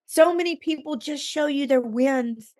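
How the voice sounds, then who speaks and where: Earnest higher-voiced woman telling her story. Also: unhurried, darkish tone. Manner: earnest, emphatic, faith-filled storytelling. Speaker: podcast guest, author. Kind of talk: candid storytelling interview.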